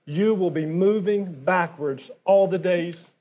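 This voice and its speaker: A man's voice: high-pitched, slow, a little mellow. A middle-aged man preaching a sermon to his congregation in a conversational way, often asking them questions. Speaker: pastor.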